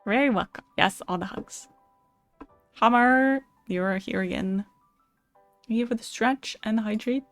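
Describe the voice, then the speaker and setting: A young woman hosts a live stream and chats loosely with her viewers, greeting them and telling stories between card readings. She laughs easily and drops casual swears. Soft music plays faintly behind her. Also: fairly high pitch, a little slow, pauses often.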